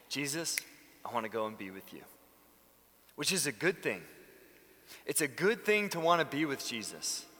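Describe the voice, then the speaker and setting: A man preaching a sermon as a pastor in a church, animated and acting out the lines he quotes. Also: on the high side. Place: church sanctuary. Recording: long reverb of a church hall.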